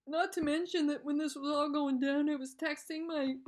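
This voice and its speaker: A woman's voice: high-pitched, steady tone, moderate pace. A woman in her fifties venting in a vlog, upset and telling a rambling, profane story. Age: 50s. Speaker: vlogger. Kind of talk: emotional personal venting.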